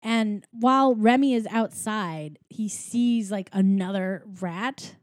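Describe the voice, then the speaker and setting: A woman's voice: mid-range voice, takes it slowly, dry recording, studio quality. A woman recapping a film plot in casual chat, rambling with lots of fillers. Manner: rambling, filler-heavy storytelling.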